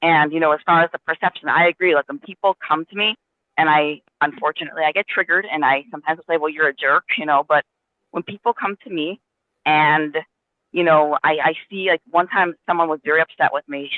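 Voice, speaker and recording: A man's voice: a little high, fairly even intonation, fast talker, dry recording. A man earnestly telling a personal story in a casual spiritual discussion, with many restarts. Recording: dry, tinny phone line.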